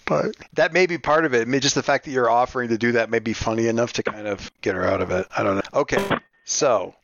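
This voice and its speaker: A man running a tabletop game as game master, describing scenes in a rambling, halting way with many restarts. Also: mid-range voice, fairly bright tone, muffled recording.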